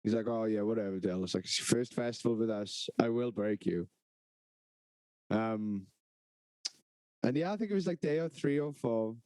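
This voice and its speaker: A man's voice: fairly low pitch, a little fast, darkish tone, no room sound, poor audio. A man co-hosting a podcast, telling a festival story in casual, sweary, laughing banter. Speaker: podcast co-host.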